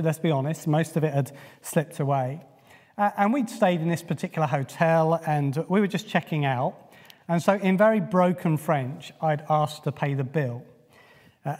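A male preacher from England gives a sermon in an easy, conversational manner, dropping frequent "uh"s as he goes. His voice sits a bit high for a man. The sound carries the long reverb of a church hall. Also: darkish tone. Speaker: pastor.

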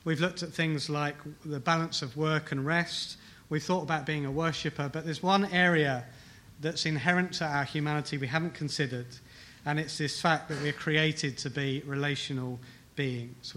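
A man's voice: on the high side, steady tone, moderate pace, pushed and bright. A man preaching a sermon to a congregation, emphatic, repeating key phrases and asking rhetorical questions. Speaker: pastor. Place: church hall with congregation.

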